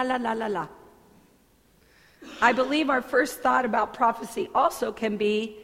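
A woman pastor delivering a sermon in a church sanctuary, earnest and deliberate, with conversational asides. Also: fairly high pitch, a bit bright. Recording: long hall reverb.

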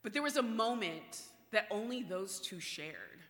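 A woman preaching a sermon, animated with playful asides, then hushed and earnest. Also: medium pitch, measured pace. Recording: long hall reverb.

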